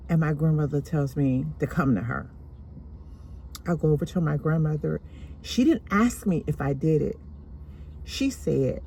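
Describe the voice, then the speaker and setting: A woman slowly and deliberately telling a painful personal story from her childhood. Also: sits low, animated, a little mellow, slight background noise. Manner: slow, deliberate, emotional retelling.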